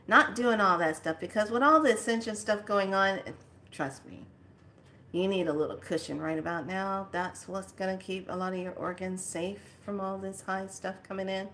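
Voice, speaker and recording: Bright-voiced woman telling a casual story. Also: on the low side. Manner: animated, laughing, squeals in quoted lines. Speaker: spiritual vlogger.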